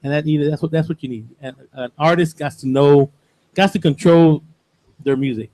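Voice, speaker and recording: A man's voice: fairly high pitch, moderate pace, dark tone, dry recording. A middle-aged man hosting a radio show in casual chat, rambling and repeating himself.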